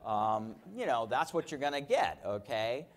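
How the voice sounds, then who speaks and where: A man in his fifties giving an energetic motivational keynote as a company founder, telling stories and often checking in with his audience. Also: mid-range voice, a little slow. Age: 50s. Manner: energetic, storytelling, keeps checking in with "okay?". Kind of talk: motivational conference talk. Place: conference stage.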